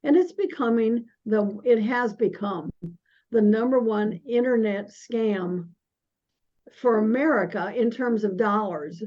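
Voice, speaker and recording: An older woman guest speaking in a casual conversation, halting and often restarting her sentences. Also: a little high. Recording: dull lo-fi audio.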